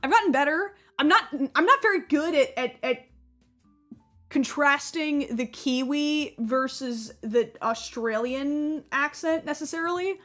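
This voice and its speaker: Chatty high-voiced woman streamer. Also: measured pace, faint music behind. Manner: chatty, excitable, swears casually, gets loud when surprised. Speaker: gaming streamer. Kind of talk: casual live-stream commentary.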